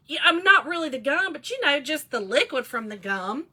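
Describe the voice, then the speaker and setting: A woman's voice: sits high, very animated, unhurried, bright, forceful tone. A woman, telling a funny story in a casual vlog chat, laughing often and saying "y'all" a lot. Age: 40s. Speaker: vlogger.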